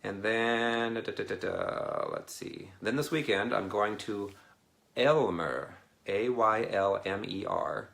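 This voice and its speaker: A man from Canada with a lowish, gravelly voice hosts a casual livestream. He rambles in a chatty way and greets viewers by name, peppering his talk with fillers. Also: slow pace, fairly bright tone. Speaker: deliverance minister and livestream host.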